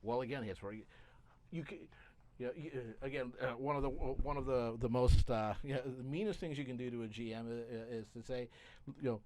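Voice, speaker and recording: A man's voice: mid-range voice, brisk, darkish tone. A man joking wryly in a casual stream chat.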